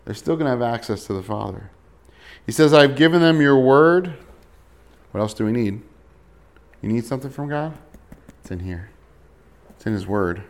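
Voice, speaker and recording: A man's voice: mid-range voice, animated, normal speed, pauses often. A male pastor preaching a sermon in a conversational way, reading scripture and asking rhetorical questions with shifting emphasis.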